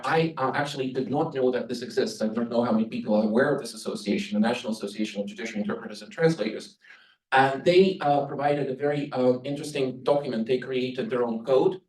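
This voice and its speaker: A man's voice: mid-range voice, a little mellow. Man lecturing in a roomy hall. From Soviet Union. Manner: earnest, advisory lecturing. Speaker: interpreting instructor and conference speaker. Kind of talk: conference presentation. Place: conference room. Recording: roomy sound from a distant mic.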